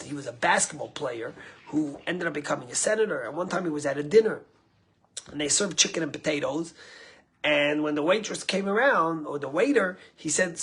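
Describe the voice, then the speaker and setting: A male rabbi gives a storytelling sermon in a very breathy, husky voice. He lifts his voice for emphasis, then lets phrases trail off softly into near-whispers. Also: fairly high pitch.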